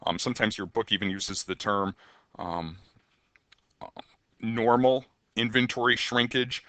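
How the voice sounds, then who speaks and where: A man's voice: fairly low pitch, unhurried, pushed and bright, dry recording. A man teaching accounting in a conversational recorded lecture, with frequent ums and rhetorical questions to the students. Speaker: accounting instructor.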